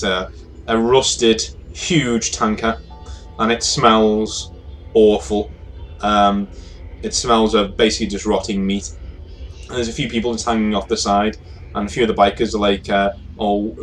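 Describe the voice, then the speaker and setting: A man narrating as game master in a halting way, with many fillers and restarts. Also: lowish voice.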